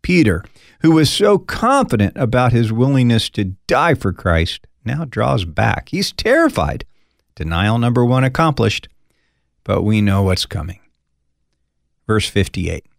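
A pastor teaching through a Bible passage in a conversational, expressive way, acting out the quoted lines with folksy asides. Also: male voice, mid-range voice, unhurried, creaky, no echo, studio quality.

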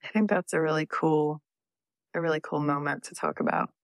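A woman's voice: deep voice, a little fast, dry recording. A woman from Texas chatting enthusiastically on a podcast, gushing about what she loves. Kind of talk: casual chat.

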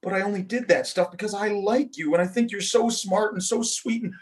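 A man voicing an excitable young girl in a storybook read-aloud, squealing and breathless. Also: sits high, fairly quick, pitched above the performer's own voice, natural voice. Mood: gushing.

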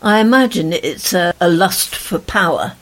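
A woman co-hosting a talk show, speaking in a measured, agreeable way. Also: lowish voice, expressive. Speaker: co-host. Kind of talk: conversational talk show discussion.

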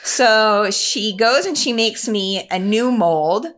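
A woman chatting casually, telling a story in a lively, self-mocking way and putting on the voices of the people in it. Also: medium pitch, takes it slowly. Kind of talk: casual chat.

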